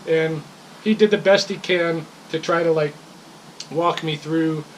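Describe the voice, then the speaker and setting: A woman's voice: low voice, fairly even intonation, a little slow, a little hiss or hum, rough recording. A woman telling a rambling, increasingly heated story about a complaint as a customer. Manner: rambling, grows heated and laughing when frustrated. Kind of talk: casual storytelling.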